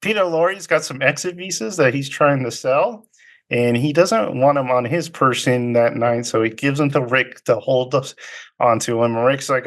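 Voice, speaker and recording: A man's voice: medium pitch, normal speed, fairly bright tone. A man co-hosting a podcast, casually recapping a film in a loose, chatty way and laughing often. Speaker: podcast co-host.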